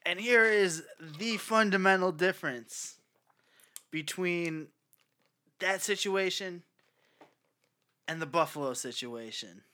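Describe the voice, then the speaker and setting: A man on a casual sports podcast, with a fairly high, bright voice. He builds his argument step by step in a measured way. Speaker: podcast co-host.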